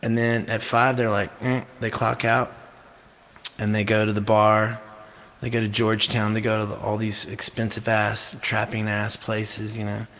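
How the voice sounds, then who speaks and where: A man's voice: fairly low pitch, monotone, moderate pace, fairly bright tone. A man hosting a music live stream, rambling and joking irreverently between songs, with some mild swearing. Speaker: singer-songwriter and live-stream host.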